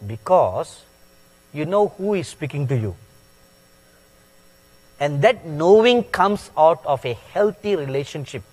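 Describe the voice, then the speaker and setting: A man preaching a sermon in a slow, deliberate way, stressing words with sudden loud peaks. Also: a little high, lively intonation. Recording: long hall reverb.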